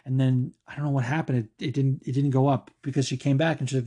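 Mellow-voiced man casually chatting. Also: mid-range voice, steady tone, fast talker, hardly any pauses. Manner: loose, filler-heavy, profane, enthusiastic. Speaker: podcast host answering fan questions. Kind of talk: casual chat.

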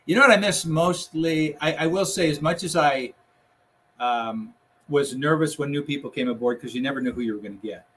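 A man's voice: fairly high pitch, fairly quick, fairly bright tone, a little hiss or hum. An older man, a retired reporter, telling rambling newsroom anecdotes in a casual conversation, acting out the quotes.

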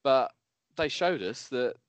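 A man's voice: medium pitch, lively intonation, takes it slowly, dry recording, muffled recording. A man co-hosting a podcast, chatting about sport in a laid-back, reflective way. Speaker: podcast co-host. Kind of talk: casual sports chat.

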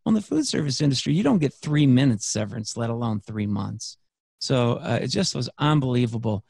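A man's voice: mid-range voice, very animated, fairly quick, creaky, a little mellow, slightly rough, dry recording, studio quality. A man, a podcast guest, telling a personal story in a rambling, earnest way, full of fillers and restarts. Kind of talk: casual storytelling conversation.

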